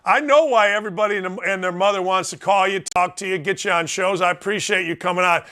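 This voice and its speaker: Male sports talk host, high bright voice, loud and emphatic. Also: fast talker, clear, resonant tone. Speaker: show host.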